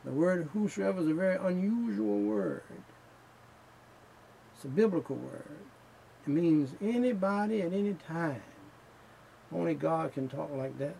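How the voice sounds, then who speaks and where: A man preaching a sermon in slow, emphatic phrases that build in fervor. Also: fairly high pitch, creaky, a little mellow, slightly rough, low-quality recording.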